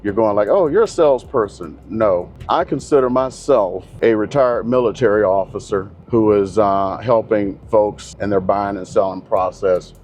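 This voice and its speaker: A man's voice: on the low side, moderate pace, few pauses, a little mellow, a little hiss or hum. A middle-aged man talking in a car, blunt, opinionated and rambling, a real estate agent hosting his own channel. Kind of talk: casual monologue to camera.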